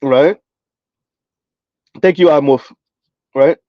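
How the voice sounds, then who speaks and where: Chatty man streaming, slightly high voice. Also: very slow, dry recording, lo-fi sound. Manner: rambling, conversational, frequent "right?" and "like". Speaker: commentary streamer reading chat. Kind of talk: casual live-stream commentary.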